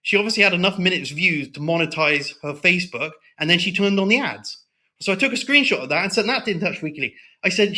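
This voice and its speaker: A man's voice: high voice, lively intonation, fast talker, bright, forceful tone. A man talking as a guest in a casual interview, heated and blunt, swearing often and tagging lines with "right?".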